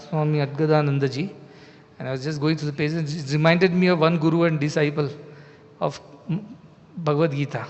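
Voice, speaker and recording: A man's voice: on the high side, dull audio. Indian man teaching in a reverberant hall. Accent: Indian English. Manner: explains scripture, quoting and translating verses. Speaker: spiritual teacher. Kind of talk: spiritual discourse.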